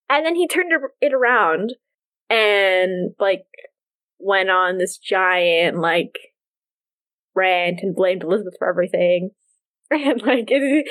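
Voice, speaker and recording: Lively young woman podcaster, high voice. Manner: animated, quotes characters in a higher voice, laughs often. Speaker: podcast co-host. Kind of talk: casual chat.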